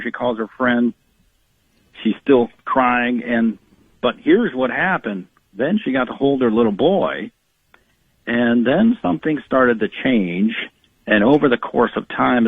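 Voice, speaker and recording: A man's voice: medium pitch, husky, dry recording. A man being interviewed on radio as an author, telling family stories earnestly, with many restarts and acted quotes. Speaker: author and guest. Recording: dry phone-line sound.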